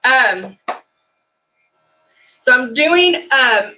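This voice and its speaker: A woman's voice: sits high, animated, drawn-out words, pushed and bright, slight background noise. A middle-aged woman hosting a makeup live stream, chatting casually as she works and greeting viewers by name. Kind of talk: casual demo chat.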